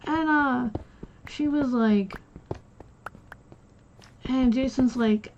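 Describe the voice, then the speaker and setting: Woman streamer, fairly high voice, slow and rambling, acts out quoted dialogue; dull lo-fi mic with faint hiss. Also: darkish tone. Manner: rambling, retells conversations by acting out quotes. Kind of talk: casual personal storytelling. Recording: dull lo-fi sound with faint noise.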